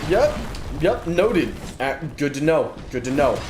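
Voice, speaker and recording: Very animated yet a little slow, a gaming streamer with a fairly high voice yawns through casual let's-play commentary at his desk with monitors. He's self-deprecating and repeats his phrases, in a roomy recording with background noise and music behind him.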